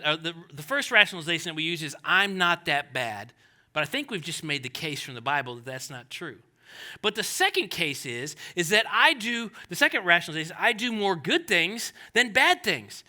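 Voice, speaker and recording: A male pastor preaching a sermon in an animated, conversational way with jokey asides. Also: sits high.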